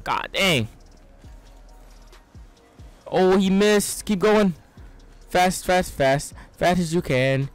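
Excitable young gamer, yelling and muttering. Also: male voice, sits high, drawn-out words, long pauses, clear, resonant tone, no room sound, faint music behind. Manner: excitable, trash-talking, swings between yelling and mumbling. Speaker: gaming streamer. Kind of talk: live gameplay commentary.

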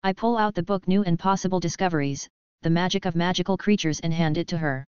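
Smooth-voiced woman narrating a story. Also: on the low side, fast, darkish tone, dry recording. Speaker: audiobook narrator. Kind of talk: first-person fan fiction narration. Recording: dry, slightly dull lo-fi.

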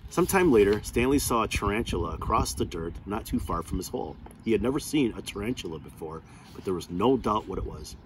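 Low-voiced man reading a novel aloud. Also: big pitch swings, brisk, few pauses, slight background noise. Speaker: reader.

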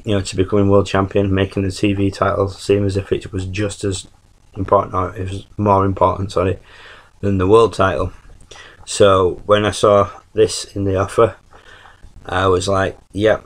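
Casual UK male vlogger, deep and monotone, hesitant and rambling delivery. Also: normal speed, low-quality recording. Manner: rambling with frequent ums and restarts. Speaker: YouTube reviewer. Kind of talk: casual spoken review.

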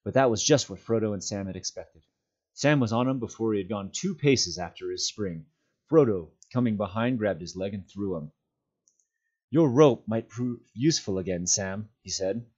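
A man, a volunteer reader, reading a storybook aloud in steady narration, on a dull lo-fi recording. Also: on the low side, normal speed, slightly rough.

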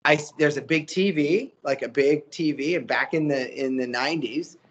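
A man, a voice actor telling stories as an interview guest, animated and slipping into character voices. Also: fairly high pitch, normal speed. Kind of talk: casual storytelling interview.

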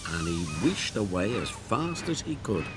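A man narrating a children's cartoon story in an expressive storytelling manner. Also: lowish voice, measured pace. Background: music.

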